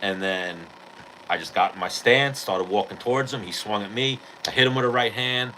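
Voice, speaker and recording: A man hosting a podcast, casually retelling a street fight in a profane, animated way. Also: on the low side, normal speed, slight background noise, poor audio. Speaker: podcast host. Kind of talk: casual storytelling.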